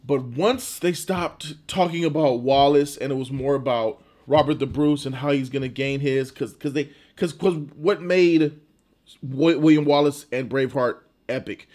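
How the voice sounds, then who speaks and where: A man's voice: medium pitch, moderate pace, darkish tone. A man giving a casual, emphatic movie review, informal and often restarting his words.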